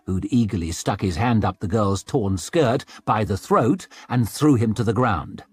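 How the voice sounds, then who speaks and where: Husky, lively male audiobook narrator. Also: medium pitch, unhurried, no echo. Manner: expressive narration with scornful character asides. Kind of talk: scripted narration.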